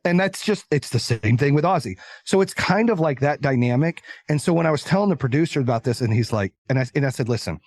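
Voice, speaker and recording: A man's voice: a little high, fast talker, hardly any pauses. A man talking as a guest entrepreneur in a casual interview, blunt and confident, acting out the voices of the people in his stories. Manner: animated storyteller, acts out quoted voices.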